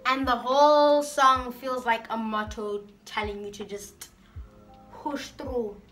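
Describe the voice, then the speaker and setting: A woman's voice: a little high, steady tone, slow pace, a bit bright, faint music behind. A woman vlogger chatting casually through a get-to-know-me Q&A, reading out each question and answering it in a playful, talkative way.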